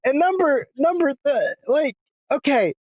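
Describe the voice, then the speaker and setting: A man co-hosting a podcast in casual chat, excitable and swearing freely, his pitch leaping up and down. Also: measured pace, no echo, clean studio sound. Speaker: podcast co-host.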